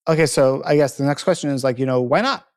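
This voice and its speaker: A man's voice: mid-range voice, fast talker, a little mellow. A young man from Montreal, a podcast host, chatting casually and rambling through stories with lots of fillers. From Montreal, Canada. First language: English. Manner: rambling, many fillers and restarts, laughs easily. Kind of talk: casual interview chat.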